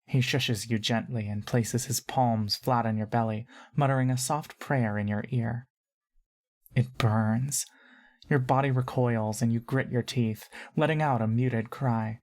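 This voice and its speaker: Woman, narrator, second-person fantasy story, calm, measured. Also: a bass voice.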